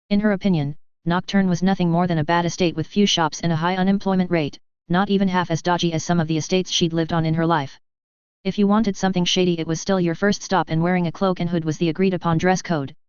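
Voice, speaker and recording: A woman reading fan fiction aloud as narrator, with a steady, even storytelling delivery. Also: fairly low pitch, smooth, no room sound, highs cut off. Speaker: audiobook narrator. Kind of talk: scripted narration.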